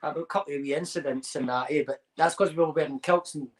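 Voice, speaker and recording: A man's voice: a little high, fast talker, rough recording. A man with a Scottish accent, a podcast guest rambling through anecdotes with Scots slang in casual chat. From Scotland.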